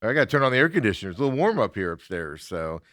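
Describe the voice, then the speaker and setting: A man's voice: on the low side, rapid-fire, no room sound, clean studio sound. A middle-aged man hosting a sports radio show, telling stories in casual chat and laughing often. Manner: animated storyteller, laughs often. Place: radio studio.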